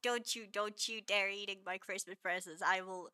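A woman's voice: mid-range voice, steady tone, moderate pace, bright, forceful tone, smooth, dry recording. A woman streamer chatting casually with her viewers, laughing often and playfully scolding them.

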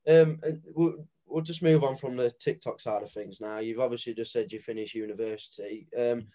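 Hesitant young male interviewer, mellow voice. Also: mid-range voice, steady tone, a little fast. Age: young adult. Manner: hesitant, stumbles and restarts words. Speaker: interview host. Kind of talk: casual interview questions.

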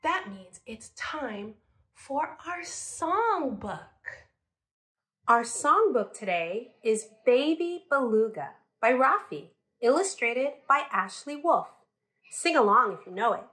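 A woman's voice: fairly high pitch, sing-song, slow pace, a bit bright. A woman teaching a children's music class, singing and leading little ones in a cheerful sing-song voice.

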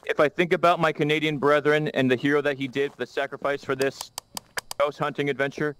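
A man's voice: on the high side, flat delivery, a little fast, a bit bright, smooth, rough recording. A man joking wryly with friends during a ghost game. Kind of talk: casual gaming banter.

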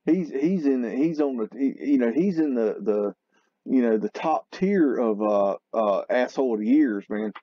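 A man hosting a video, talking loosely and excitedly over photos, often exclaiming and swearing. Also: medium pitch, moderate pace, no echo, lo-fi sound. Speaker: video host. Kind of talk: rambling commentary over photos.

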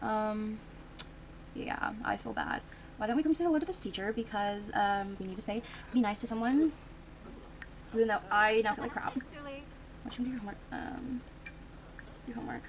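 With a mid-range voice, a slightly fast pace, and frequent pauses, a young female Sims streamer chats through her life-sim gameplay, full of fillers and spontaneous reactions. There's slight background noise, and the recording is low quality.

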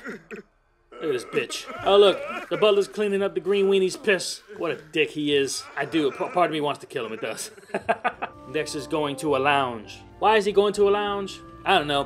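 A man's voice: a little high, fairly bright tone. A man giving rambling, profane commentary over a life-simulation game, often mocking its characters. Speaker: gamer. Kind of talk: profane Let's Play commentary.

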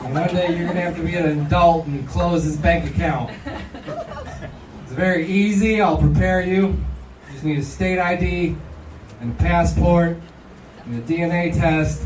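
Male stand-up comic, high voice, deadpan delivery, echoey distant club recording. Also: normal speed, noisy background. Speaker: stand-up comedian. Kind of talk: stand-up comedy set.

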